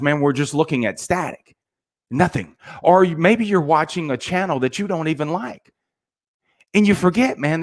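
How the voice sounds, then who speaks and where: A middle-aged man giving a casual motivational talk to salespeople, preachy and peppered with "man". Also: fairly high pitch.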